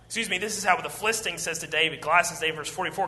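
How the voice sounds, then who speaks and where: A man preaching a sermon, retelling a Bible story with lively acted-out quotes. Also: on the high side, very fast. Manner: animated storytelling, acting out quoted lines. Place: church auditorium. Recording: long church hall reverb.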